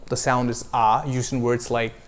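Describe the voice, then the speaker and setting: A man coaching pronunciation, modeling vowel sounds slowly and deliberately for a learner to repeat. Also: medium pitch, flat delivery. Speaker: accent coach. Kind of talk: pronunciation lesson.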